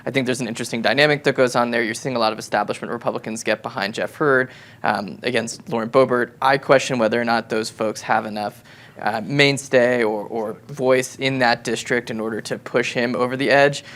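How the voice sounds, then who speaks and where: A man's voice: mid-range voice, steady tone, a little fast, fairly bright tone. A man giving his views on a political panel, hedging with fillers and restarts as he talks. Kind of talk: panel discussion.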